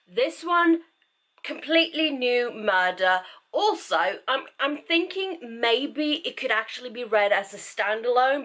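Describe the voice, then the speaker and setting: Slow, bright-voiced book vlogger. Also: female voice, a little high. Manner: rambling, chatty, self-interrupting. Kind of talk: casual book review chat.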